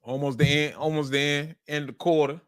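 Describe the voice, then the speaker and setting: Bright-voiced man riffing on football. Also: a little high, steady tone, fairly quick, clean tone, no echo. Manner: repetitive, emphatic, colloquial. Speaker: sports show host. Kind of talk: casual sports commentary.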